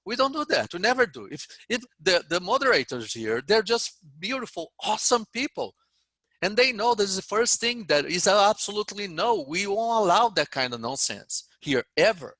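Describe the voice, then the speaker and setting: A man's voice: high voice, sharp tone, no echo. A middle-aged man with a foreign accent gives a blunt, rambling motivational talk to his trading group, often restarting his sentences. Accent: foreign-accented English. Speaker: head day trader.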